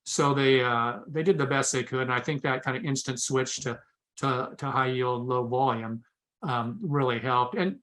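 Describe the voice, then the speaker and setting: Brief: male panelist, bright tone, hesitant ad-lib answer. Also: mid-range voice, normal speed. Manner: hesitant, thinking aloud. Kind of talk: off-the-cuff answer.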